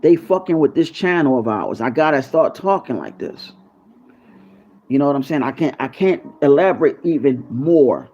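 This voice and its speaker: A man's voice: medium pitch, expressive, moderate pace, dark tone, slightly rough. Rambling, conspiratorial man on a lo-fi mic. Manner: loose, rambling, conspiratorial, curses freely. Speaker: YouTube channel host. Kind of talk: casual freestyle monologue to viewers.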